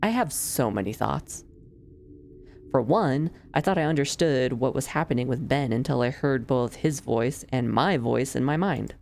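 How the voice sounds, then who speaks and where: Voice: medium pitch, animated, normal speed, creaky, a little mellow, slight background noise. A streamer reading the lines of a sardonic young noblewoman villainess from a game, in dry, formal phrasing. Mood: wry. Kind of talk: reading game dialogue aloud.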